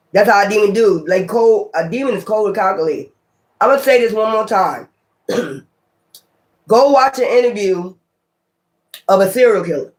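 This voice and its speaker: A man giving a casual tarot reading to his viewers, blunt and profane, talking in an animated way. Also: high-pitched, normal speed, long pauses. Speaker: tarot reader.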